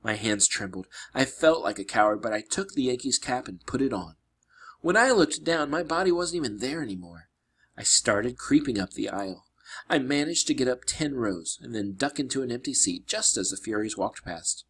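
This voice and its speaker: A man reading a children's adventure novel aloud, narrating expressively with dramatic slowdowns. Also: mid-range voice, sing-song, a bit bright, husky. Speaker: reader. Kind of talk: storybook read-aloud.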